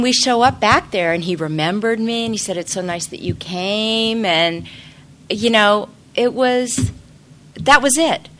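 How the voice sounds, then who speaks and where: A woman's voice: lowish voice, fairly bright tone. A middle-aged woman telling a personal recovery story in a chatty, self-deprecating way, full of fillers and restarts. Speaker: speaker sharing recovery story. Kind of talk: casual personal testimony.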